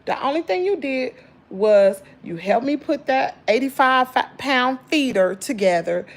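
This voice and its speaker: Tired Southern woman venting to viewers. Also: a little slow. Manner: animated, swings from loud exclaims to low muttering; folksy slangy talk, addresses viewers as y'all. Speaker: channel host. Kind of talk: casual venting chat to viewers.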